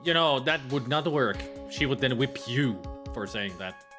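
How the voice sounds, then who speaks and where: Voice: medium pitch, normal speed. A player co-playing a story game, teasing and laughing while reading its lines aloud. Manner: teasing, animated, laughs often. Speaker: let's play co-player. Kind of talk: casual game commentary, reading dialogue aloud. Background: game music.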